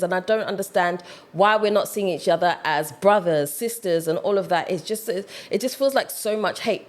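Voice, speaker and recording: A woman with a mid-range voice talks to her viewers in a relaxed, reflective way. She muses out loud, circling back with fillers as she works through her thoughts, like a commentary vlog. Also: medium pitch. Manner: reflective, conversational, many fillers. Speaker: vlogger.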